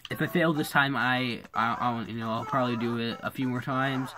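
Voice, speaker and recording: Low-voiced woman griping at a game. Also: fairly even intonation, a little fast, sharp tone, a little hiss or hum. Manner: frustrated, talks to the game, mutters and repeats herself. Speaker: gaming YouTuber. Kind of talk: casual gameplay commentary. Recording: game music behind the voice.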